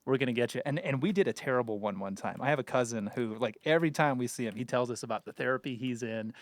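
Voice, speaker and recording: A man from the United States co-hosting a podcast, chatting in an animated way, laughing and swearing. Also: medium pitch, fast, no echo. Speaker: podcast co-host. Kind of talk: casual chat.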